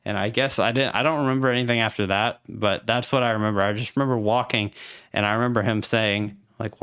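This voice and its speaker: A man's voice: on the low side, steady tone, fast, fairly bright tone, clear, resonant tone, dry recording, clean studio sound. A young man, co-hosting a podcast in an easygoing, hedging way. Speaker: podcast co-host. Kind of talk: casual chat.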